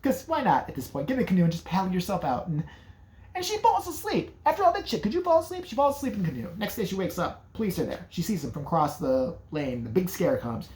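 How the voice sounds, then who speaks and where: A woman recaps an old horror movie with sarcasm and plenty of swearing. Her voice sits slightly low but swings widely in pitch. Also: fast talker. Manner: sarcastic, profane, lively. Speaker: movie reviewer.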